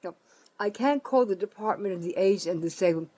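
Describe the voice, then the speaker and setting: A woman's voice: medium pitch, animated, fairly quick, mellow. A woman in her seventies ranting angrily in a political monologue, profane and accusatory, repeating points for emphasis. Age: 70s. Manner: emphatic, repeats herself for stress. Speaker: citizen vlogger.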